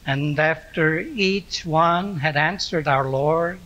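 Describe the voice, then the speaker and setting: Slow, bright-voiced pastor telling a story as Simon Peter. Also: male voice, fairly high pitch, lively intonation, dull audio. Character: Simon Peter, aging fisherman-apostle recalling his past. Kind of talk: first-person character monologue as Simon Peter.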